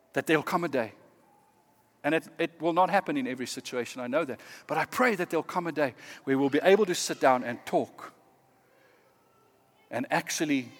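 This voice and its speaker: Earnest man preaching in a reverberant hall. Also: medium pitch. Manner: earnest, measured, drops to quiet emphasis. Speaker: pastor. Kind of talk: sermon.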